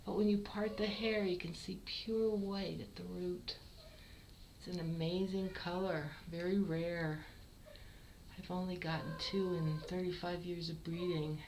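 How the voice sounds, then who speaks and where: Slow-talking woman cat breeder. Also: on the low side, flat delivery, slight background noise, poor audio. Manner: warm, fond, unhurried. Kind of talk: casual kitten showcase.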